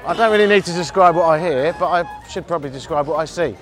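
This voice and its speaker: A man's voice: fairly high pitch, fairly bright tone, a faint crowd. A man hosting a travel podcast while walking through an outdoor street market, chatting with wry, rambling asides. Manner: rambling, wry asides and quick self-corrections.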